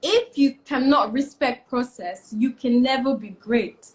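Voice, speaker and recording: A woman's voice: high-pitched, a little slow. A young woman, a fashion stylist giving emphatic advice as a guest in a casual interview. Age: young adult. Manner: emphatic, repeats key points, animated.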